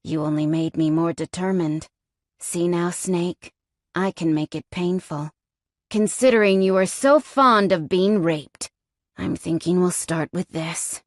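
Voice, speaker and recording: A woman voicing a sadistic, taunting male captor in an audiobook, speaking in low, slow, menacing tones. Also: no room sound, clean studio sound, close to an everyday voice.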